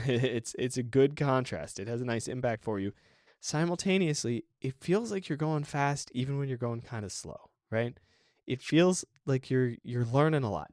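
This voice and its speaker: A man's voice: mid-range voice, a little mellow, dry recording, clean studio sound. Enthusiastic man reviewing a game. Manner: enthusiastic, rambling with restarts and laughs. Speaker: podcast host. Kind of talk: casual game review monologue.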